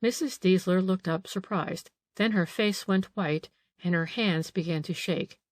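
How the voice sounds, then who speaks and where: A woman narrating a mystery audiobook in an even, measured reading. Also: lowish voice, no room sound, studio quality. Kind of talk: scripted narration.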